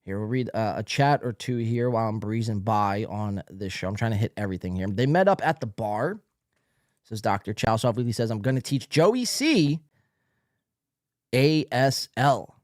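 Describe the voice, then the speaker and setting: A man hosts a podcast, mocking video clips with sarcastic commentary and plenty of swearing. His voice is lowish and somewhat dark, with lively intonation and a normal pace. The recording is dry, with clean studio sound.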